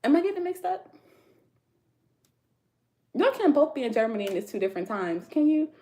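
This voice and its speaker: A woman's voice: high voice, big pitch swings, brisk, warm tone. An American woman hosting a casual tarot livestream from home, chatting with viewers in loose slangy talk and laughing often. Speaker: tarot reader livestream host.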